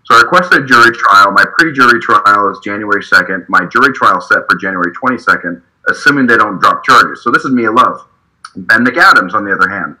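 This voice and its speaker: A man's voice: fairly low pitch, lively intonation, a little fast, sharp tone, low-quality recording. A man from Utah telling a heated, profane story in a casual political discussion, stumbling and restarting as he talks. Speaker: activist guest, state party delegate. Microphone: video call.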